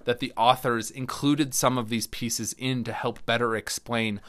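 A man's voice: mid-range voice, fairly even intonation, moderate pace, fairly bright tone, no room sound. Conversational male pastor, dry sound. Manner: conversational, restarts and fillers, acts out quoted voices. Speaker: Lutheran pastor. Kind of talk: Bible study teaching with scripture reading.

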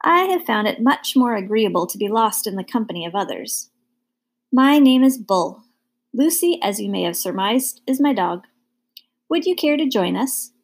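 A woman's voice: a little high, expressive, slightly rough. Woman voicing Bull, courtly bearded hobo. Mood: kindly. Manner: formal, fond, unhurried speech. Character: enormous bearded male hobo, gentle and courtly.

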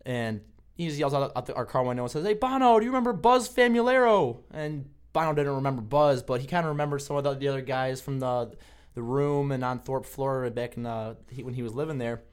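A man's voice: mid-range voice, steady tone, quick pace, clear, resonant tone. A young man co-hosting a campus podcast, telling stories casually with frequent restarts. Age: young adult. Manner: rambling storyteller with many restarts. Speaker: podcast co-host. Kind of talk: casual conversation.

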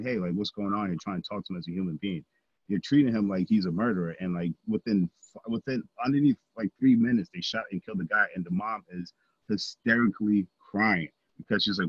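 A man's voice: fairly low pitch, husky, no echo, dull audio. A man co-hosting a podcast, talking earnestly in a casual discussion, with lots of fillers and restarts. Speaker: podcast co-host.

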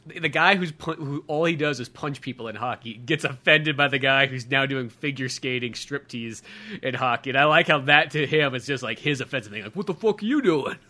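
A man's voice: mid-range voice, brisk, sharp tone. A man co-hosting a podcast, chatting casually about a film in a hesitant way with many fillers. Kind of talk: casual film review chat.

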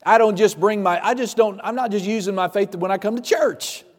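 A man's voice: high voice, brisk, in a large hall. A male pastor preaching a sermon, emphatic and repetitive, with folksy humor.

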